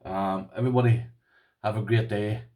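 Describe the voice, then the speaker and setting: A man's voice: fairly low pitch, fairly even intonation, moderate pace, mellow. A man with an Irish accent, chatting casually as he unboxes and tries out padlocks, rambling with restarts. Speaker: lock-picking vlogger.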